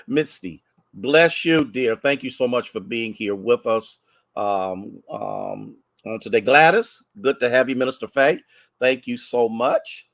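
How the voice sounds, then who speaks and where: An American man, a pastor, chatting warmly with livestream viewers and greeting them by name, a bit congested from sneezing. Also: medium pitch, takes it slowly, dry recording.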